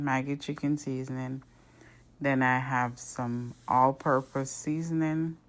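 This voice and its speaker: A woman hosting her own cooking channel, talking through each step in a chatty voice-over. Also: extremely low pitch. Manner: chatty, step-by-step, starts lines with "so now". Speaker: home cook and channel host. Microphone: voice-over recorded apart from the video.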